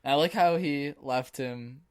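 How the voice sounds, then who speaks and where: Male podcast co-host, easygoing, slow delivery, mid-range voice. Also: medium pitch, clean tone. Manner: laid-back, mostly short agreements and laughs. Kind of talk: casual movie review chat.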